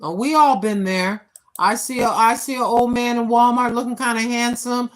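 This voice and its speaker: Woman, 60s, livestream host, slightly high voice, preachy joking warnings. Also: steady tone, normal speed, poor audio. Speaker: walking vlog host. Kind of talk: casual livestream chat. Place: at home indoors.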